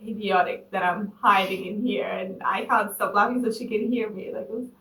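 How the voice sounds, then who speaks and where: A woman's voice: mid-range voice, steady tone, fairly quick, fairly bright tone. Hesitant young woman in an echoey room. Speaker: co-host. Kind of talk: casual chat. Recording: echoey room, distant mic, faint noise.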